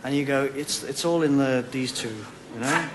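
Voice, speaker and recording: A man's voice: mid-range voice, very noisy. A man telling silly comic anecdotes as a guest on a chat show, recorded in a television studio with a live audience. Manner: playful, silly, quick comic storytelling. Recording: 1990 TV broadcast, audience laughter. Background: studio audience laughing.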